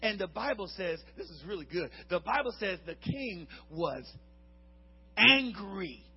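A man preaching a lively, humorous sermon, acting out the Bible characters and swinging between shouts and hushed asides. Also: sits high, measured pace, husky, muffled recording.

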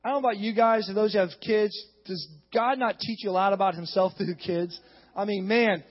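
Male pastor, very high voice, fiery sermon delivery, muffled recording with long reverb. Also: fairly even intonation, a little fast. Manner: emphatic preaching, rising to shouts. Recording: dull, long-reverb hall sound.

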